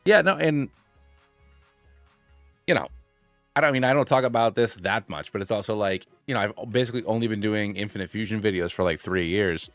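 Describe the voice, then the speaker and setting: A man's voice: lowish voice, brisk, long pauses, a bit bright, dry recording, soft background music. A man in his thirties chatting casually on a live stream, rambling with lots of fillers and self-deprecating asides. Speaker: gaming streamer.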